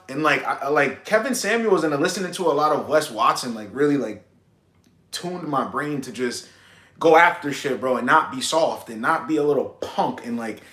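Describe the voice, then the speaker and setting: A young man coaching dating on a livestream plays both parts in pickup scenarios, talking bluntly with slang and lots of swearing. His mid-pitched voice is a bit bright with lively intonation at a moderate pace, and the room is echoey.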